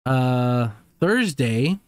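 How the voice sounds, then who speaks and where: A man with a mid-range voice co-hosts a podcast, speaking in an easygoing, meandering way that is full of pauses and restarts. The recording is dry and close, with no room sound. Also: mid-range voice, lively intonation, smooth, no echo. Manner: laid-back, rambling, drawn-out phrasing with hesitations. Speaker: podcast co-host. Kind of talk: casual chat.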